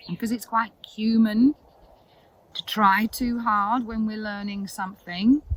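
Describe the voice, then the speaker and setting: Calm woman guiding yoga breathing. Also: medium pitch. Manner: soft, calm and reassuring, with long pauses. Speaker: yoga teacher. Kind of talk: gentle breathing instruction.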